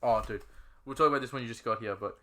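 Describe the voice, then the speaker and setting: A man's voice: medium pitch, pushed and bright. A young man co-hosting a podcast, chatting casually and joking, with frequent swearing. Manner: swears freely, quick joking interjections. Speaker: podcast co-host. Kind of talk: casual film chat.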